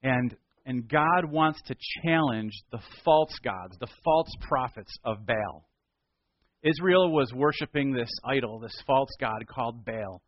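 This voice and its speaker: A man's voice: medium pitch, unhurried, dry recording, muffled recording. A male pastor retelling a Bible story in a casual, conversational sermon.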